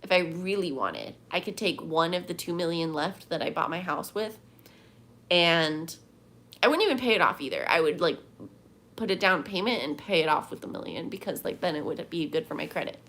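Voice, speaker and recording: A woman's voice: on the low side, expressive, moderate pace, fairly bright tone. A woman livestreaming from home, chatting casually and rambling as she answers viewers' comments. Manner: chatty, rambling, reads chat aloud.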